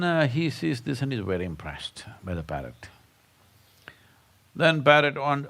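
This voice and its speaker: A man's voice: medium pitch, creaky, fairly bright tone. A man giving a satsang talk as a spiritual teacher, telling stories and prodding his listeners with rhetorical questions. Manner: storytelling with jokes.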